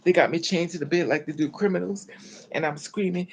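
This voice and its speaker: A woman recounting a personal story in an animated, dramatic way, full of colloquial slang. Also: low voice, a little fast, background noise. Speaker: storyteller vlogger.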